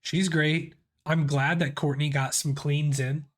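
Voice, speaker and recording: A man's voice: a little high, flat delivery, unhurried. A man in his thirties with a sick voice, hosting a casual music reaction and thinking aloud with many restarts. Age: 30s.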